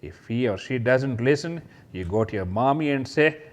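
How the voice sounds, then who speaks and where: A man teaching kindergarten children, talking straight to them about letters and toys in a slow, sing-song way and imitating sounds. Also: mid-range voice, expressive, dull audio.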